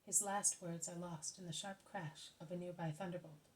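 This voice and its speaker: A woman narrating a religious story in a steady, measured reading. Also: fairly low pitch, poor audio. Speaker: audiobook reader. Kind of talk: scripted narration.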